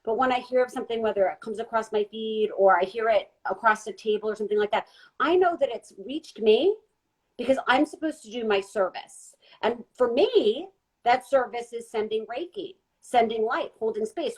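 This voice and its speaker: A woman guest giving an earnest, gentle spiritual talk during a live online chat. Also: a little high, animated, moderate pace, slightly rough, low-quality recording. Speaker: guest intuitive reader. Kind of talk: casual live-stream talk.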